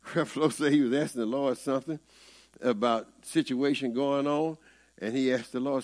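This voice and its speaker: A man's voice: medium pitch, normal speed, darkish tone. A man with a Southern US accent, preaching a conversational sermon in a folksy, rising-and-falling way.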